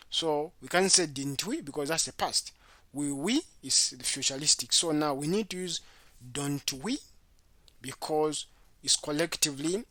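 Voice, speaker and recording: A teacher giving an exam-prep grammar lesson, deliberately repeating each example aloud. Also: mid-range voice, pushed and bright, no echo. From Zambia. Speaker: English teacher.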